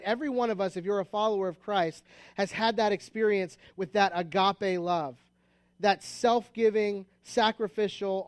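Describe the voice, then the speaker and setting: An American pastor with a fairly high voice delivers his sermon like a relaxed story, full of asides and restarts. The sound is close and dry, with no room echo.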